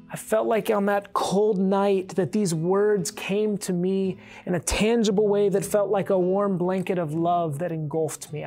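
An earnest male pastor preaches a heartfelt sermon, his voice carrying a gravelly, fry-tinged texture. He moves between quiet, intimate passages and fervent rising calls. A faint musical bed plays softly behind him. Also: high-pitched. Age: adult.

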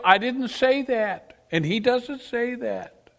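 A male preacher delivering an emphatic sermon, asking his congregation questions and swinging between loud declarations and quiet asides. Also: very high-pitched, very animated, slow pace. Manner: emphatic, rises and drops sharply, asks the congregation questions. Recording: long reverb of a church hall.

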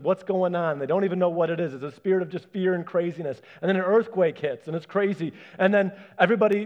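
A man preaching a sermon as pastor, animated, acting out the voices he quotes. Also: sits high, dull audio.

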